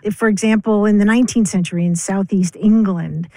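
A woman's voice: medium pitch, fairly even intonation, a little fast, dark tone, dry recording. Playful older woman co-hosting radio. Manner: playful, explains word origins with easy laughter. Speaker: radio show co-host. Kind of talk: casual radio chat about language. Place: radio studio. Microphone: studio microphone.

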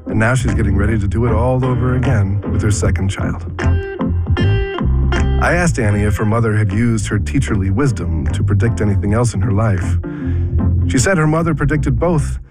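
A man hosts in calm, measured scripted narration, his voice at a medium pitch. Loud guitar music plays under him. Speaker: host.

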